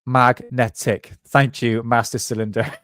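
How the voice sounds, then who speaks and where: A man from England with a Bristol accent, hosting a casual chat, slangy and quick to laugh. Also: medium pitch, little pitch movement, fairly bright tone, no room sound, studio quality. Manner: chatty, slangy, laughs often. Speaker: podcast host.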